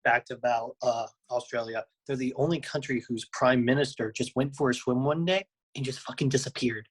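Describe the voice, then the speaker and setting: A man on a podcast, chatting casually and throwing in quick playful quips. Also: mid-range voice, steady tone, husky, rough recording. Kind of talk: casual chat.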